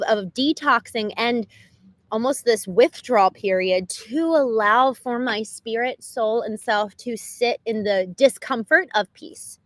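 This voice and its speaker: A woman hosting a livestream, talking unscripted in an earnest, animated way, with lots of "like" and quick restarts. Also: a little high, rough recording. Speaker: livestream host. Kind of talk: unscripted reflective monologue.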